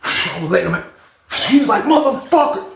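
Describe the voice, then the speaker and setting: A man spins a casual storytime, animated and full of profanity, leaning on the same catchphrases again and again. His voice sits a bit high, with a gravelly edge. It rings off the walls of an echoey room. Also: normal speed, a little hiss or hum. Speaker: storyteller, channel host.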